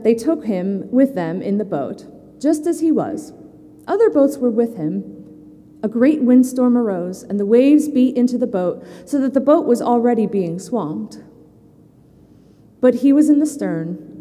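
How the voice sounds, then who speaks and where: A woman reading a children's storybook and then scripture aloud to a congregation in an expressive, sing-song way. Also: on the high side, a little slow, in a large hall. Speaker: church leader reading to the congregation.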